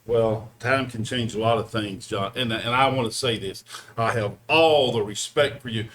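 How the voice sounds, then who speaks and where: A man interviewing wrestlers, pleading with them and trying to calm the argument. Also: lowish voice, normal speed, slight background noise. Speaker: interviewer and commentator.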